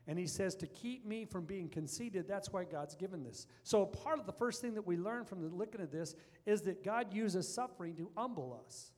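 Man, pastor, high voice, earnest sermon, echoing large hall. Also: animated, moderate pace, few pauses, darkish tone. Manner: earnest preaching, building to fervent emphasis. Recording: long reverb of a large hall.

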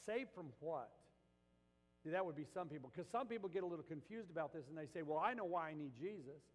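A man's voice: a little high, animated, fast, big-room sound, faint music behind, poor audio. A man preaching a sermon as pastor, impassioned, rising to emphatic peaks and acting out the voices he quotes.

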